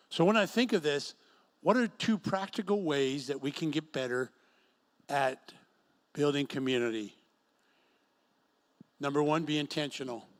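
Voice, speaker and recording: A middle-aged man preaching a sermon to a singles group in an event room, telling stories and acting out quotes. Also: a little high. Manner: storytelling with acted quotes. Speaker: pastor.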